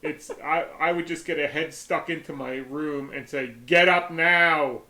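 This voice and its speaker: A man's voice: a little high, fairly even intonation, moderate pace, bright, forceful tone. A man in his sixties co-hosting a casual chat, easygoing and plainspoken. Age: 60s. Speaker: co-host. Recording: echoey room.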